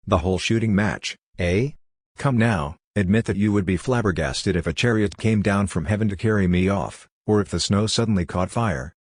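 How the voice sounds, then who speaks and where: Low-voiced man reading a novel aloud. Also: no room sound, studio quality. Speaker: audiobook reader. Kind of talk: literary audiobook narration.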